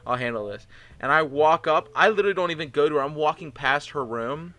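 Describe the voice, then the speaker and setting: A young man co-hosting a casual podcast, telling an animated story full of "like" fillers and swearing. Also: on the high side, fast talker. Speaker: podcast co-host. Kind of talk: casual chat.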